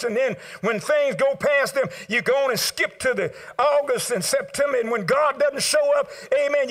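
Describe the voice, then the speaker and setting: This older male preacher has a high voice and preaches a sermon in a rhythmic call-and-response style. He swings from loud, sung exclamations down to low murmurs, speaks straight to the congregation, and asks them to write down his points.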